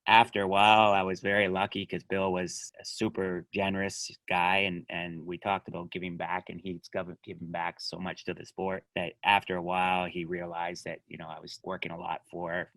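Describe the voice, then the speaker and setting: Low-voiced man telling stories. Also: normal speed, hardly any pauses, dry recording. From Canada. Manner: animated storytelling, laughs often, trails off quietly. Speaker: podcast guest, judo club owner and coach. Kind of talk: casual podcast chat.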